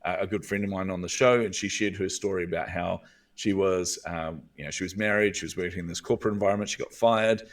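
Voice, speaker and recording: A man's voice: sits low, fast talker, distant mic. A man with a New Zealand accent, a guest coach telling stories earnestly in a podcast interview. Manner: earnest, animated storyteller.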